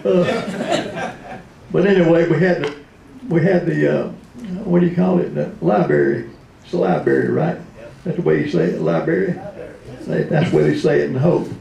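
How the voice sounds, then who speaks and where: A man's voice: on the high side, expressive, moderate pace, creaky, dark tone, voice pushed up. A man putting on a folksy, rambling older male politician. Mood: joking. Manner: drawling, chuckling, rambling. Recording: roomy hall.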